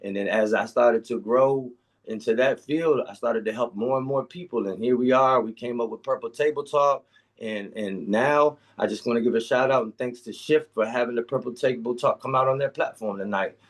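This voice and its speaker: Man, minister, talk show co-host, earnest, halting, searching for words, middle pitch. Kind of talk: earnest personal testimony.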